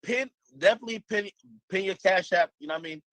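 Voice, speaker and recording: A man's voice: sits high, quick pace, fairly bright tone, dry recording. A man, hosting a livestream and hyping up his guest in easygoing casual chat. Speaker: livestream host.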